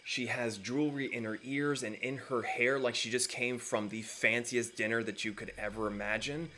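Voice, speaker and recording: A man's voice: mid-range voice, fairly even intonation, normal speed, sharp tone, a little hiss or hum. A man narrating as game master in a tabletop game, rambling with many fillers.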